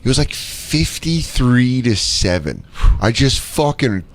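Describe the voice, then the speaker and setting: A man's voice: medium pitch, slow pace. A man co-hosting a podcast in casual chat, telling stories with a lot of swearing and acting out the people he quotes. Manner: animated storyteller, swears freely, acts out quoted voices. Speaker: podcast co-host.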